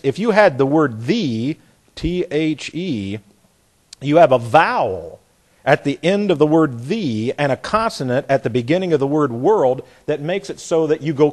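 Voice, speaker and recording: Folksy husky male Bible teacher. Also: on the high side, a little mellow. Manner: folksy, repeats phrases, demonstrates by reading aloud. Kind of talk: sermon teaching.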